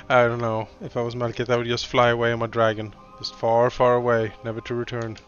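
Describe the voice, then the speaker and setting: Laughing man with bright voice, lo-fi mic. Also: medium pitch, monotone. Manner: laughs often, halting restarts. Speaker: let's play co-host. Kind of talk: casual gaming chat.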